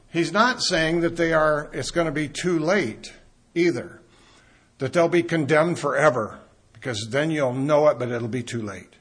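Slow, husky male Bible teacher. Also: a little high, expressive, a bit bright. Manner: thinking aloud, self-correcting.

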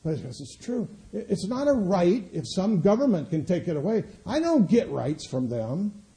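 A middle-aged male pastor delivers an impassioned sermon in a very dark, mellow voice set a little high for a man. He swings from loud, emphatic declarations to quiet, low asides. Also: very animated, moderate pace, low-quality recording.

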